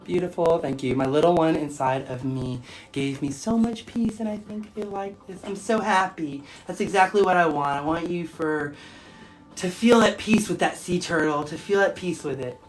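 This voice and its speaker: A woman's voice: lowish voice, normal speed, soft background music. A woman hosting a casual phone livestream, bubbly and laughing often as she reacts to viewer comments. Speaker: livestream host and spiritual shop owner.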